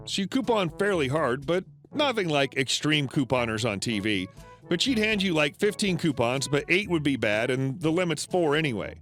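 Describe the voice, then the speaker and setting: A narrator with a fairly high voice reads first-person online stories from a script, his pitch rising and falling so it sounds lively rather than flat. He keeps a steady storytelling pace but swings animatedly into quoted characters, with soft, faint music playing quietly beneath.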